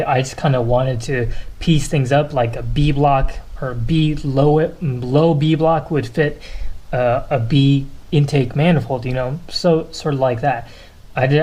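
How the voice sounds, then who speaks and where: A man's voice: medium pitch, darkish tone, poor audio. A man with a congested, nasal voice, narrating in a hesitant, rambling way with many fillers. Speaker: car hobby vlogger. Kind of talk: casual narration over work footage.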